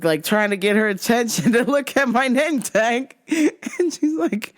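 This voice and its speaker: A woman with a fairly high voice tells comic stories from her job, drawing out her words slowly. Her pitch swings widely and animatedly as she giggles through each tale, and she swears with ease. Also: lively intonation. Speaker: vlogger and store cashier. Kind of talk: casual comedic storytelling.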